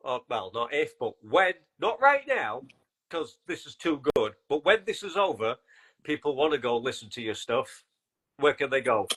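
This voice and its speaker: A man's voice: mid-range voice, very animated, normal speed, fairly bright tone, slightly rough. A man hosting a casual podcast chat, joking and laughing often with his guests. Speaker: podcast host.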